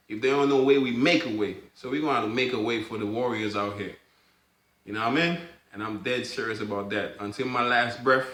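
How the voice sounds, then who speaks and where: Impassioned man, bright tense voice. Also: medium pitch, echoey room. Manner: fervent, repeats phrases, swings from loud to hushed. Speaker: sickle cell awareness advocate. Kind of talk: impassioned personal monologue.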